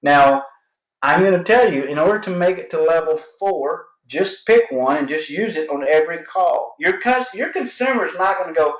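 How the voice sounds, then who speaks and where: In a live online sales training, a man coaches salespeople by playing out customer dialogues with plenty of energy. His highish voice is animated and moves at a normal speed. Alarms can be heard in his home office, and the audio is lo-fi, dull and roomy.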